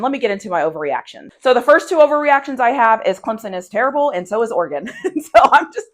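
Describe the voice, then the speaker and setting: A woman giving casual, emphatic sports opinions, laughing often and repeating phrases for effect. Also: mid-range voice. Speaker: sports commentator.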